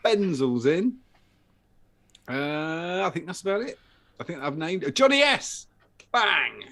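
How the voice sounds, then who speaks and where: A man's voice: fairly high pitch, takes it slowly, gravelly. A man from the UK co-hosts a casual live show, with a voice that swings widely up and down. He tells stories loosely, swears freely and jokes around. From United Kingdom. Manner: animated storyteller, swears, breaks into laughs and put-on voices. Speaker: co-host.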